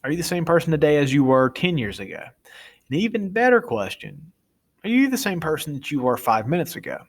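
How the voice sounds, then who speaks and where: A man's voice: on the high side, big pitch swings, a little fast. A young adult man teaching a class in a chatty, informal way, often stopping to correct himself. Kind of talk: casual classroom lecture.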